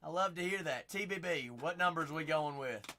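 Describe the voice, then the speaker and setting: A man hosting a live card break, excitable and joking, breaking into sudden shouts, tired after a long stream. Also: fairly high pitch, normal speed, background noise. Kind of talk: live-stream commentary while opening packs.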